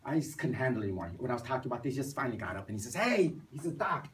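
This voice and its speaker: A man's voice: medium pitch, rapid-fire, few pauses. A man lecturing a university class, telling stories with rhetorical questions and acting out the people he quotes. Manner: animated storytelling with rhetorical questions; emphatic, acts out quoted voices. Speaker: university professor. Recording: distant mic with faint noise.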